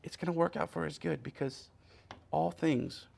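A man preaching with a gravelly, fry-laced voice that sits a little high for a man. He acts out the scripture scenes as he goes and swings from rising, loud declarations down to soft near-whispers. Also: fairly even intonation, moderate pace. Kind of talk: sermon.

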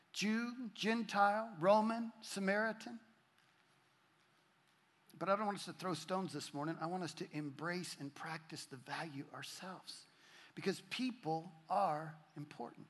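High bright-voiced preacher guy, swells up on repeated lines, long echo of a church hall around him. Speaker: pastor. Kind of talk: sermon.

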